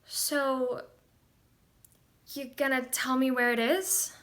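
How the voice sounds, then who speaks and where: A woman reading the part of an awkward, blunt young female student in a flat manner. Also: high voice, slow.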